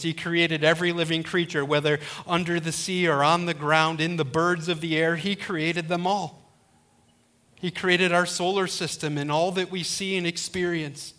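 A man's voice: fairly high pitch, sharp tone. A middle-aged male pastor preaching a sermon, retelling a story and acting out the quoted voices.

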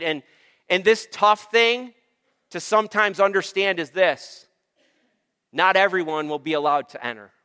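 A man's voice: high voice, sharp tone, clean tone, long reverb tail. A man preaching a sermon as pastor, emphatic and repetitive, calling on the congregation for amens. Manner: emphatic, repeats phrases, calls for amens.

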